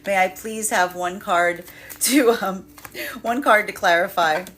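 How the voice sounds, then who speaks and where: A woman's voice: medium pitch, unhurried, a bit bright. A woman giving a tarot reading in a rambling way, repeating words and laughing often. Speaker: tarot reader. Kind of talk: live tarot reading monologue.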